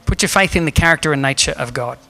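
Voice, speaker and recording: A man's voice: fairly high pitch, quick pace, gravelly, pushed and bright, soft background music. A man preaching a sermon as pastor in a church, earnest and emphatic, asking the room rhetorical questions. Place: church hall.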